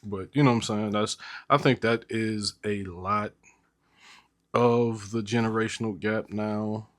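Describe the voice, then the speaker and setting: Laid-back man with a low voice. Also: fairly even intonation, measured pace. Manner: laid-back, uses frequent verbal fillers. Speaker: podcast co-host. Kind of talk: casual chat.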